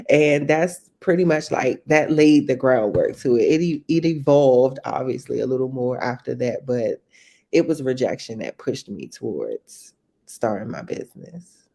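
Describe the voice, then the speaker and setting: A low-voiced woman of about forty tells her story as an interview guest. Her voice has a gravelly, creaky edge, and she talks in a relaxed, easygoing way, laughing often. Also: unhurried. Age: 40s. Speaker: guest, private chef. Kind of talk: casual interview chat.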